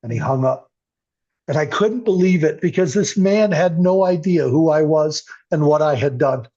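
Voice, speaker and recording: A man's voice: fairly high pitch, normal speed, mellow. An older man telling his recovery story as an interview guest, earnest and emotional. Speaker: podcast guest. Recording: muffled lo-fi audio.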